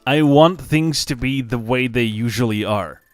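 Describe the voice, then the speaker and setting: A man's voice: medium pitch, unhurried, no echo, soft background music. A young man chatting casually on a game stream, swearing freely and laughing often. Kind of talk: casual live stream chat.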